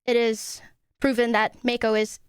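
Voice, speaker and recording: A woman streamer hams it up as the accused in a joking courtroom role-play. Her voice sits a little high and sounds smooth and clear. The recording is close and dry. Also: flat delivery, normal speed, dry recording. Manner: playful, dramatic, mock-wounded. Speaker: streamer on trial in a mock court.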